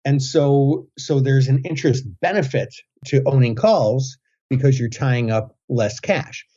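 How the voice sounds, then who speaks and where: Mellow-voiced man on a dull line. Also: medium pitch, slightly rough. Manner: measured, explains step by step with fillers. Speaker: podcast co-host. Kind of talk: casual explanatory chat.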